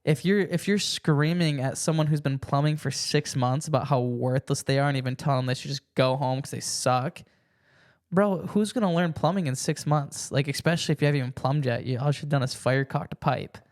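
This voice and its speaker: A man's voice: fairly high pitch, a little fast. A young man hosting a casual podcast chat, rambling with restarts and acting out quoted lines. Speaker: podcast host.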